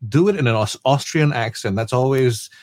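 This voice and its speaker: A man's voice: medium pitch, normal speed, background noise. A man co-hosting a podcast, chatting casually with dry humor and stuttered restarts. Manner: dry humor, repeats words at starts. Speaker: podcast co-host. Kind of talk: casual chat.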